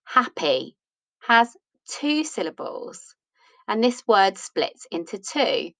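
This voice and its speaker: Slow, patient woman teaching English grammar. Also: mid-range voice, very animated, vocal fry, a bit bright, no room sound, rough recording. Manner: patient, asks and answers her own questions. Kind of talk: explaining a grammar lesson.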